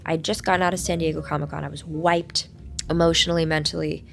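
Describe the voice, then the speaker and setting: A woman hosting a casual vlog from a hotel room, her voice hoarse while it recovers, chatting in a playful, rambling, self-mocking way. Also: low-pitched, level tone, quick pace, soft background music. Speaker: vlog host. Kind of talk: casual chat to camera.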